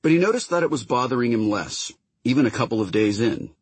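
Husky guy reading an audiobook, low voice, dry close mic. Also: fast talker, no echo. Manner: expressive, voices each character. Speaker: audiobook narrator. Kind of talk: audiobook narration.

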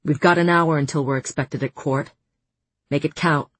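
A woman's voice: low voice, fairly even intonation, moderate pace, breathy edge. A woman narrating an audiobook voices a furious fae lord who gives clipped orders. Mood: commanding.

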